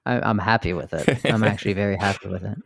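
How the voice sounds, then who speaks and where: A man's voice: on the low side, fast, gravelly, a bit bright, no room sound. Giggly man co-hosting from his room, dry sound. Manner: giggly, defensive banter. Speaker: podcast co-host. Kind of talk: live gaming podcast chat.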